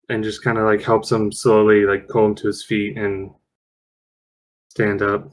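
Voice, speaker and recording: A man's voice: on the low side, monotone, measured pace, long pauses, slight background noise, low-quality recording. A man playing a tabletop game, describing his character's actions with hesitant, stammering speech. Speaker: player. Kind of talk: casual tabletop game chat.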